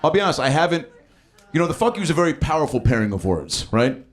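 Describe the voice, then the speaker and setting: A man in his thirties doing improvised stand-up, riffing on audience suggestions with profane, animated storytelling. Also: fairly high pitch, fast talker. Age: 30s. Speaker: stand-up comedian. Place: comedy club stage. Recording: live club with crowd laughter. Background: audience laughter.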